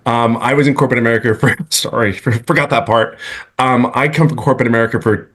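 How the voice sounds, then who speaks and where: Middle-aged man, earnest, rambling, restarts often, video call, medium pitch. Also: fairly even intonation, fast talker, fairly bright tone. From California. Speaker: webinar guest speaker. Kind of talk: casual testimonial on a video call.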